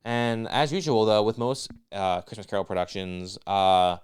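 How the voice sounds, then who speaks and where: Smooth-voiced man in crude banter. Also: on the low side, steady tone, normal speed. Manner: crude, sarcastic, teasing banter. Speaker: podcast co-host. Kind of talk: casual chat.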